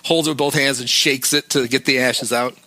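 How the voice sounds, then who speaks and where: Bright-voiced man recapping a film. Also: mid-range voice, steady tone, brisk. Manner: recounting scenes, quoting lines. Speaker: podcast co-host. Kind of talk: casual movie recap.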